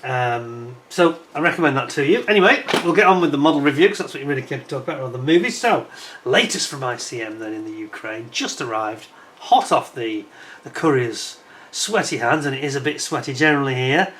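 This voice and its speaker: A man's voice: mid-range voice, brisk, fairly bright tone. A middle-aged British man chatting casually as a model kit reviewer, rambling onto tangents with plenty of fillers, recorded indoors at home with a fan running. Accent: British English. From United Kingdom.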